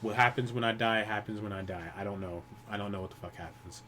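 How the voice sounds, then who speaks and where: A man grieving while talking alone to the camera, rambling and swearing often, with many restarts and pauses. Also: on the low side, bright, forceful tone, a little hiss or hum. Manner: profane, rambling, frequent restarts. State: grieving, holding back tears. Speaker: YouTuber. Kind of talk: personal vlog monologue.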